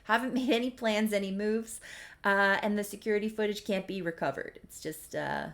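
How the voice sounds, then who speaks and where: A woman's voice: mid-range voice, normal speed, a bit bright, lightly acted. A woman voicing a smug, scheming young man who talks down to his partner in a casually told soap story. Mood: patronizing.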